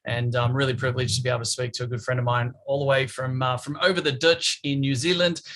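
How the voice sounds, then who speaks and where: A man's voice: mid-range voice, little pitch movement, fast talker, fairly bright tone. A man hosting a podcast interview, chatty and matey, with lots of fillers and restarts. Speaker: podcast host.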